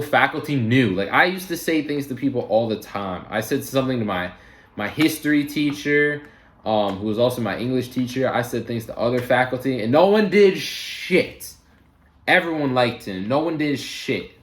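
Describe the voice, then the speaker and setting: A young man in a roomy, echoey space talks through a painful story at a middle pitch. He is casual and heated, with lots of "like" and "um" and plenty of swearing. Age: young adult. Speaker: vlogger. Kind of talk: storytime vlog.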